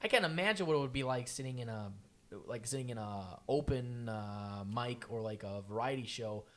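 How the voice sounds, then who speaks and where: A young man hosting a casual podcast chat, animated and profane, acting out quotes in loud bursts. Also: medium pitch, moderate pace. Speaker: podcast host.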